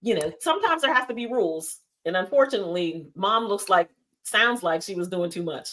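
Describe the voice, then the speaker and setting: A woman panelist giving her opinion in a measured, storytelling way. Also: mid-range voice, lively intonation, bright, forceful tone. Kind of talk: casual panel talk.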